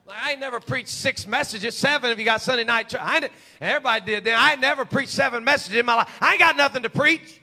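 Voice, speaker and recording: A man's voice: extremely high pitch, quick pace, few pauses, bright, forceful tone. A man in his forties preaching a sermon as a humorous, folksy story. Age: 40s.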